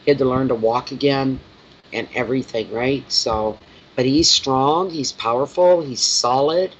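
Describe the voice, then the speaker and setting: Speaking unhurriedly in a mid-range voice, a tarot reader drifts through casual live-stream talk. He keeps turning to his cat with fond baby talk. The sound quality is dull and lo-fi, faintly noisy.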